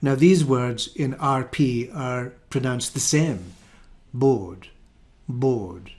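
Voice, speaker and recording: A Scottish man teaches English pronunciation at a very slow, careful pace. He models each example word separately in a mid-pitched voice. His delivery is clear and deliberate, as in a lesson. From Scotland.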